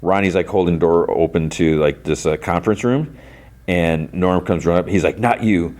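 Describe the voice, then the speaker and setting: A man's voice: low-pitched, brisk, darkish tone. A man hosting a podcast, retelling an episode in a casual, rambling way full of "like" and restarts. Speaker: podcast host.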